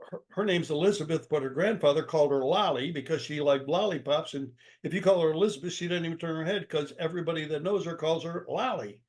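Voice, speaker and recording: An older man, a guest author, answering in an interview with emphatic storytelling and acted-out dialogue. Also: a little high. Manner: energetic, emphatic, acts out quoted dialogue.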